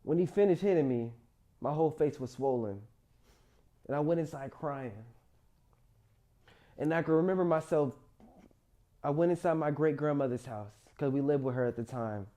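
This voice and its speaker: A man's voice: on the high side, normal speed, pauses often. Young man telling his life story. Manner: emotional, rises loud then drops quiet. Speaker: motivational storyteller. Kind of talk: personal life story monologue.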